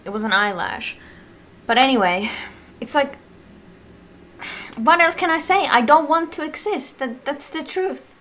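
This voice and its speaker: A woman's voice: sits high, animated, a little slow, long pauses, bright, forceful tone, slight background noise. A woman vlogger in a casual Q&A, rambling and swearing a lot, sounding mentally exhausted. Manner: rambling, full of "like", swears often. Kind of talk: casual ranting Q&A to camera.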